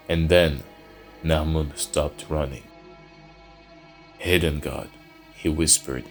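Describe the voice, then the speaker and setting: A man narrating a dark fantasy story in a slow, somber, measured way. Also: very deep voice.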